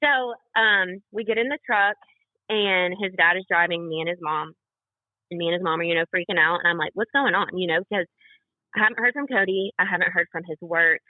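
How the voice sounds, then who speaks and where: A woman's voice: on the low side, steady tone, fairly quick, no echo. Young woman telling a story, tinny phone sound. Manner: rambling, full of fillers, reenacts dialogue. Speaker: podcast guest. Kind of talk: personal story told in a casual interview.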